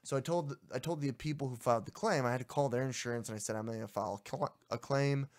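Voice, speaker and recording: A man's voice: mid-range voice, fast. A young adult man co-hosting a casual podcast, telling a story in an exasperated, ranting way. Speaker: podcast co-host.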